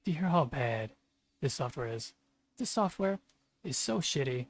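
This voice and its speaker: A man with a husky voice talking to his stream as he codes, venting in frustrated, profane rants. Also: fairly high pitch, lively intonation, moderate pace, dry recording. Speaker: streamer programmer. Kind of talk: live coding stream commentary.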